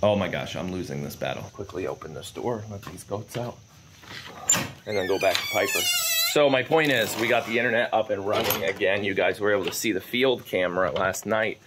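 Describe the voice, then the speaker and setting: A man's voice: on the low side, brisk, heavy background noise. A man vlogging outdoors on his farm, chatting casually to viewers while walking and calling after his dog. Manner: chatty, easygoing, calls out to a wandering dog. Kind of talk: casual rambling chat.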